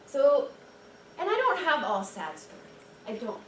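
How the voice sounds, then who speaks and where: A young woman giving a chatty, animated storytelling talk at a dinner event, full of "like"s and restarts. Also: high voice, unhurried. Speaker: guest speaker and storyteller. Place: dinner event room, indoors. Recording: echoey room, distant mic, background noise.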